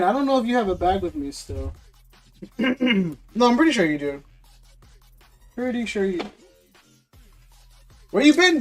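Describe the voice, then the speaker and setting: A man selling trading card packs on a live stream, chatting casually with viewers and calling them bro. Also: high-pitched. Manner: laid-back, talks to viewers as bro. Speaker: livestream card seller.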